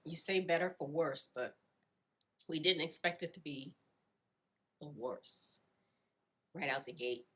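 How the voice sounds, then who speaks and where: A woman telling her own life story in a reflective way, often repeating phrases and filling pauses with "you know". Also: sits low, a bit bright. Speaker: storyteller sharing her experience. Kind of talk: personal storytelling.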